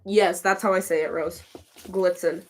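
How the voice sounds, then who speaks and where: A woman livestreaming, answering her chat in a casual, chatty way with quick flustered restarts. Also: on the low side, steady tone.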